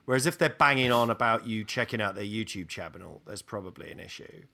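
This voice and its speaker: A man's voice: lowish voice, fairly quick, creaky. A middle-aged man, co-hosting a podcast and telling a sweary comic story in a casual chat. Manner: animated, sweary anecdote-telling. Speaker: podcast co-host, comedian.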